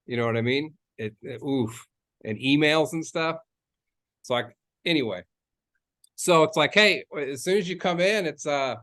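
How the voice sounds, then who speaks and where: A man's voice: a little high, moderate pace, fairly bright tone. A man, a real estate agent, giving a casual coaching talk, rambling and chatty with many fillers and restarts, repeating key phrases for emphasis.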